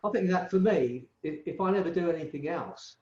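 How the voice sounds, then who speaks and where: A middle-aged man talks as an interview guest. He speaks in a fairly high voice, rambling and restarting as he tells stories. His audio comes through an echoey, dull remote line. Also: expressive, brisk. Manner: warm rambling storyteller with many restarts. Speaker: hypnotherapist guest. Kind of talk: casual interview chat.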